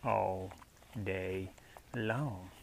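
A man's voice: deep voice, very slow, creaky, a little mellow. A man, chatting casually to the camera while fishing at a lake, sometimes dropping to a whisper. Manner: folksy, talks to camera, drops to whispers. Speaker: fishing vlogger. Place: outdoors at a lake by boat. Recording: noisy outdoor camera audio.

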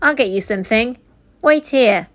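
A woman's voice: on the high side, expressive, normal speed, natural voice. A woman voicing a cocky young male street pickpocket who talks brash and chummy. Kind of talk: storybook reading.

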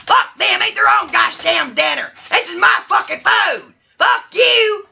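A woman voicing a crude, cursing, grumpy male bachelor who shouts and swears. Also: very high-pitched, wildly swooping pitch, normal speed, vocal fry, far from the mic, highs cut off, slight background noise, heavily acted. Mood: angry.

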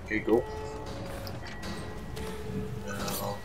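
A man's voice: fairly low pitch, monotone, very slow, over loud music. A man co-hosting a let's play, giving short, dry comments on the game. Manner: brief, dry remarks. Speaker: co-host. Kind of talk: casual gameplay commentary.

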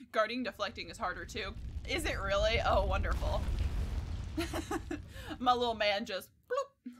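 A woman's voice: mid-range voice, big pitch swings, measured pace, long pauses, a bit bright, slight background noise. Chatty young woman streaming a game. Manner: chatty, swears, laughs a lot, reads chat. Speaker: livestreamer. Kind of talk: casual gameplay commentary.

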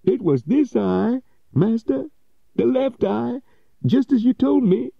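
A frightened old servant in a high voice. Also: male voice, lively intonation, slow pace, vocal fry, slightly rough, no echo, lo-fi sound, heavily acted. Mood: pleading. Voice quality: very high, thin pleading voice. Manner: pleading, awestruck.

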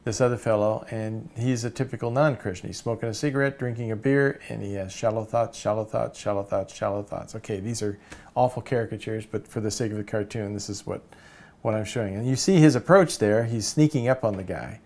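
A man teaching a cartooning course in a relaxed way, with many fillers and restarts. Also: on the low side, brisk. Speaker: cartooning instructor. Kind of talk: casual course lecture.

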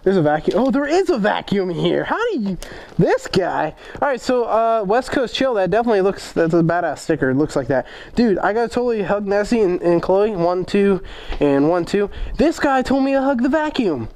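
Brief: male vlog host, high-pitched, profane and jokey, unboxing fan mail. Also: lively intonation, brisk, a little mellow. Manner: profane, joking, rambling. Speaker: motovlog host.

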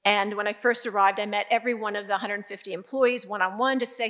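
An older woman giving a keynote speech, telling stories in a lively way with emphatic, repeated phrases. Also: medium pitch, fast. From Canada. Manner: lively storytelling, emphatic repetition. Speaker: keynote speaker.

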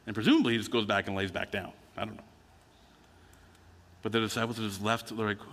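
Bright-voiced male pastor in a reverberant church. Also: fairly low pitch. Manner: conversational storytelling preaching with acted quotes. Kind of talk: sermon. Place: church sanctuary. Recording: church hall with long reverb.

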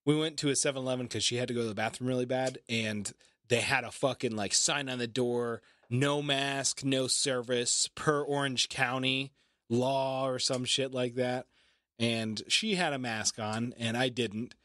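A man's voice: medium pitch, normal speed, fairly bright tone, no room sound, studio quality. A man co-hosting a podcast, talking in a blunt, profane and confrontational way. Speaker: podcast co-host. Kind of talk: casual chat.

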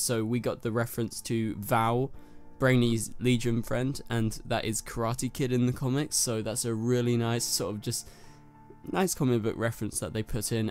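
A TV review host from North London, speaking with a London accent, casually reviews a TV episode in a rambling, chatty way packed with fillers. His voice has a medium pitch and a darkish tone.

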